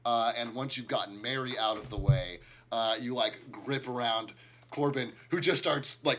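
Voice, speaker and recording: A man's voice: mid-range voice, moderate pace, background noise. A man narrating a tabletop game as game master, talking casually with many fillers and chuckles.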